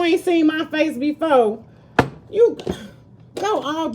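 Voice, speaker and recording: A woman's voice: sits high, animated, slow, pauses often, darkish tone, slight background noise. A woman tarot reader chatting casually with her viewers on a live stream, slangy and talkative, calling them baby and girl. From Southern United States.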